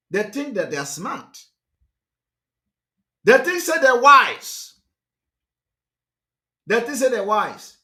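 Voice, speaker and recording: A man's voice: very high-pitched, a bit bright. A man with a Nigerian accent gives a fiery, repetitive, emphatic political monologue as a livestream host.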